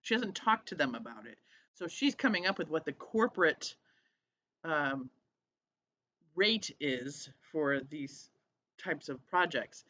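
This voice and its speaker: A woman's voice: low voice, lively intonation, slow, long pauses, bright, forceful tone, dull audio, slight background noise. A woman hosting a casual diary vlog, chatty, laughing often and acting out what people said. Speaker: vlog host.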